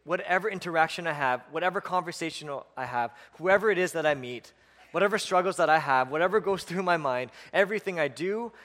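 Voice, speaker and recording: A man's voice: fairly high pitch, a bit bright, big-room sound. A male pastor preaching a sermon, emphatic, building on repeated lists and breaking into chuckles.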